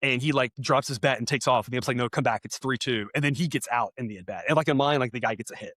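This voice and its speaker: A man co-hosting a sports podcast, telling a story in a casual, animated way and laughing as he goes. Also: mid-range voice, very fast, dry recording, clean studio sound. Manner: animated, laughing, voice jumps when reenacting yelling. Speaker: podcast co-host.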